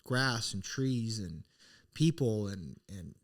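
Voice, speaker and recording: This middle-aged podcast co-host speaks slowly in a fairly low voice with lively intonation. He earnestly shares a personal story, casual and reflective, restarting his sentences many times.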